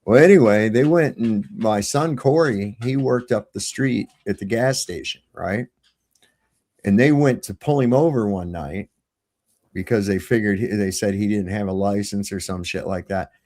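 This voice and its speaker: A man's voice: lowish voice, normal speed, a little mellow. A middle-aged man telling a rambling, profanity-laced story as a guest on a livestream panel, over a remote call.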